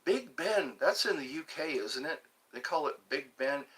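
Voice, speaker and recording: A man's voice: on the high side, expressive, moderate pace, fairly bright tone, breathy edge. An older man hosting a casual livestream, reading viewer comments aloud and playing along with them. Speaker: livestream host.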